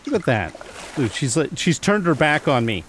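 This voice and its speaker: A man's voice: on the high side, big pitch swings, normal speed, fairly bright tone, slightly rough. Guy casually talking through his survival game, voice bouncing all over, lots of little laughs. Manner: chatty, thinks aloud and counts items aloud; chuckles often at his own mishaps. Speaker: gameplay commentator. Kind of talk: casual let's-play commentary.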